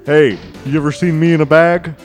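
A man voicing a boastful celebrity basketball star in comedic game role-play, bragging slowly and smugly. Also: on the high side, steady tone, soft background music, pitched above the performer's own voice, close to an everyday voice. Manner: slow, self-satisfied bragging.

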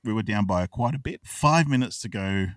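A man in his thirties with an Australian accent, an excitable podcast co-host who tells a long story, swears and laughs often. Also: fairly low pitch, normal speed, no room sound, recorded from a distance. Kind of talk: casual chat.

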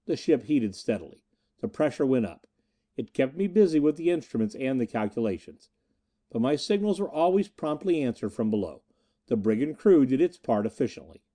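Expressive man with a dark voice. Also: medium pitch, normal speed. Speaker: audiobook narrator. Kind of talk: first-person audiobook narration.

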